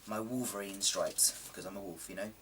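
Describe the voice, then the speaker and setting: A man's voice: low-pitched, steady tone, a little fast, far from the mic, background noise. Chatty man, slightly coarse voice. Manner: chatty, rambling, self-deprecating, with frequent ums. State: slightly coarse, sore throat. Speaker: vlogger. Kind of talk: casual chat to camera.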